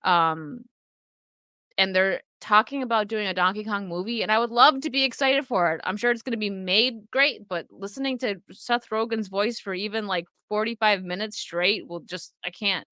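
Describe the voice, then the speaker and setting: A woman's voice: mid-range voice, normal speed, sharp tone, smooth, dry recording, clean studio sound. A woman chatting casually on her livestream, reacting to chat and laughing often into a desk microphone. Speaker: streamer chatting with live chat.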